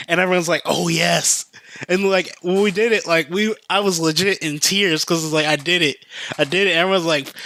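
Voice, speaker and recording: Bright-voiced excitable young man rambling. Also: a little high, no room sound. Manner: rambling and excitable, heavy use of filler words. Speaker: podcast host. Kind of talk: casual solo podcast chat.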